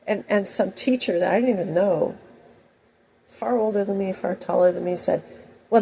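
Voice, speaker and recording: A woman's voice: medium pitch, vocal fry, mellow, a little hiss or hum, poor audio. A woman telling personal stories in a rambling, anecdotal monologue full of asides. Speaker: host.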